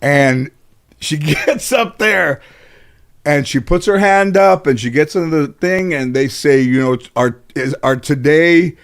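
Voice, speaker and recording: A middle-aged man from the Los Angeles area, a talk show host telling comic stories about his childhood, animated and swearing freely. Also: fairly high pitch, slow. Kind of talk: comic storytelling.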